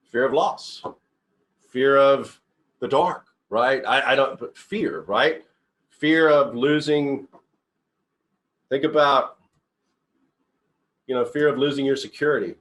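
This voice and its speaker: A man's voice: mid-range voice, a bit bright. A middle-aged man, a company CEO, giving an informal motivational talk, rambling through personal stories with frequent restarts. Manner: rambling, restarts often, earnest storytelling.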